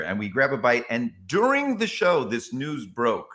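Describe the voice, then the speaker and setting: A man, a comedian, telling stories in an interview with emphatic, expressive delivery that acts out quotes. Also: mid-range voice, normal speed. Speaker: comedian guest. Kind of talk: animated interview storytelling.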